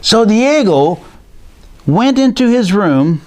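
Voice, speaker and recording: A man telling a bilingual story for young children, slow and playful in his delivery. His voice sits a little high for a man, and he takes his time with every phrase. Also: very animated, darkish tone. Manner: slow, playful, mixes in words.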